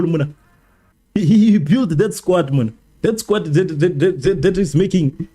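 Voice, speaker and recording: A man hosting a live football watchalong stream, chatting casually and animatedly with his viewers, repeating himself and joking. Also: a little high. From South Africa. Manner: animated, repetitive, joking with chat. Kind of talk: casual match watchalong commentary.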